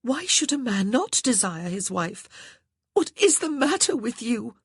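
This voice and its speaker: A man voicing a determined young noblewoman, pleading and insistent, often dropping to a hush. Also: sits high, lively intonation, moderate pace, slightly rough, no echo, clean studio sound, voice pushed up. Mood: exasperated. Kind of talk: audiobook character voice.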